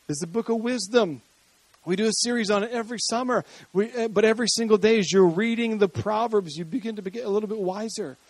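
A man with a high voice preaches a lively sermon to his congregation. His tone climbs as he builds energy, with light jokes along the way. The sound is close and dry. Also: quick pace, dry recording. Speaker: pastor.

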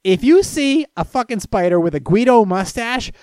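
A man's voice: normal speed, smooth, dry recording, studio quality. A man from Florida chatting casually with his stream, telling stories and answering chat questions in a profane, rambling way. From Florida, USA. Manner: profane, storytelling, lively swings in pitch and loudness.

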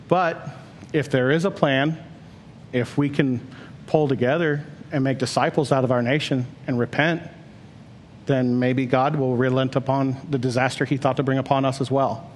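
A man's voice: mid-range voice, fairly even intonation, moderate pace, slight background noise. A man preaching a sermon as pastor, earnest and building to emphatic questions.

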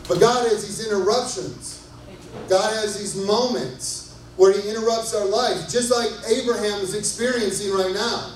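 A man's voice: sits high, normal speed. A man preaching a sermon as pastor, conversational and enthusiastic, often asking the crowd to agree with him. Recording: echoey hall from far off, faint noise.

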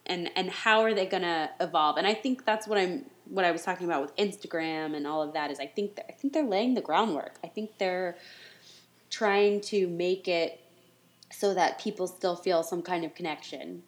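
A woman with a fairly low voice talks in an easy, conversational way as a podcast co-host. She gets animated and rushes some phrases, then slows to make a point. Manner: animated, often speeds up, chatty asides. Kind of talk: casual chat.

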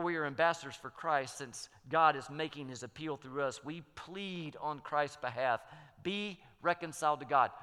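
A man's voice: medium pitch, sharp tone. A man preaching a sermon as pastor, emphatic, repeating key phrases and building to strong peaks. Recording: long hall reverb.

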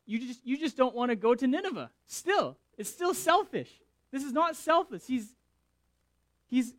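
A man preaching who reads scripture and comments on it in an animated, emphatic way, often repeating his words. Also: very high voice, no echo. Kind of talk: scripture reading and sermon commentary.

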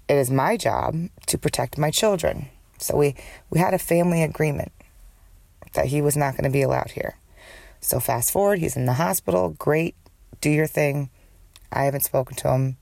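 A woman with a rumbling low, gravelly, darkish voice hosts a candid solo podcast while suffering a cold and a smoker's cough. Captured in a dry recording, she rambles profanely and jumps from thought to thought.

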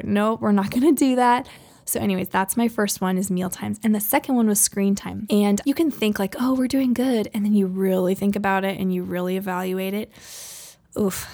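A woman's voice: mid-range voice, vocal fry, a little mellow. A woman in her thirties, a podcast host, giving chatty, conversational advice about parenting and goals, laughing now and then. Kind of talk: casual advice talk.

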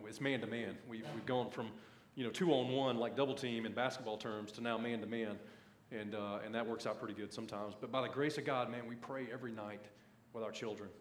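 A man's voice: mid-range voice, fairly even intonation, fast talker, roomy sound, slight background noise. A man in his thirties preaching a sermon, folksy and conversational, often saying "man" as he tells family stories. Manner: folksy, says "man" often, pulpit storytelling. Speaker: pastor.

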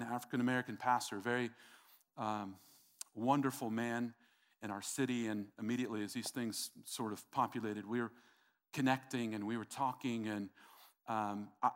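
A man's voice: medium pitch, steady tone, normal speed. Emphatic preaching man, middle-aged. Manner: emphatic, repetitive preaching with calls to the congregation. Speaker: pastor. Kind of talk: sermon.

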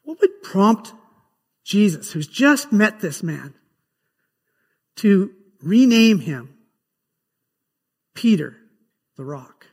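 High-voiced man preaching in a reverberant hall. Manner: vivid storytelling, retells scenes with feeling. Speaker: pastor. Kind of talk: sermon. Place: church sanctuary.

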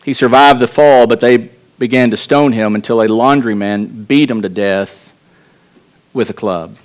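A man's voice: mid-range voice, a little slow. A male pastor with a Texas accent delivers a sermon in a church. His mid-range voice is earnest and conversational. He often restarts his phrases and turns aside to speak directly to the congregation.

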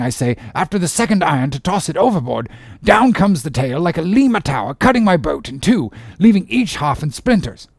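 A man's voice: a little high, gravelly, breathy edge, no echo, clean studio sound, voice pushed up, heavily acted. A man voicing a good-humoured, one-armed English sea captain in an audiobook reading, telling a rambling, hearty tale. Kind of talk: audiobook character voice.

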